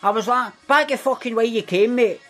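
A man's voice: very high voice, a little fast, a bit bright, faint music behind. A man playing a boastful, violent young Glasgow man in a comedic character monologue, telling a rambling story with a Glaswegian accent and heavy swearing. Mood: menacing.

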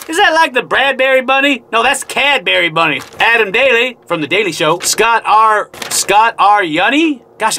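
Folksy miner guy vlogging from down in a tunnel, high bright voice, jokey, whoops a lot. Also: vocal fry, a little hiss or hum. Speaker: gold prospector and channel host. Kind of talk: casual show-and-tell vlog. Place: underground in a narrow mine tunnel.

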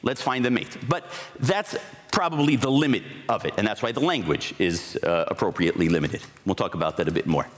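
A man's voice: low voice, fairly quick. A man giving a conference talk, explaining ideas in a reflective way with occasional restarts. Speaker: conference speaker. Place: conference hall. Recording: hall reverb.

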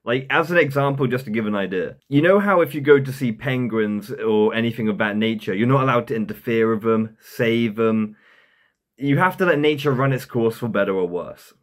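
A man's voice: medium pitch, normal speed. Rambling young man doing commentary. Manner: rambling, laughs at his own jokes. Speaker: commentary YouTuber. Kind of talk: casual comedic commentary.

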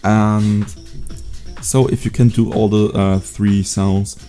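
A young man teaching a beatbox sound in a casual home video tutorial, relaxed and hesitant, with many fillers. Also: fairly low pitch, slow pace, faint music behind. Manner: laid-back, hesitant with fillers. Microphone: USB desk mic.

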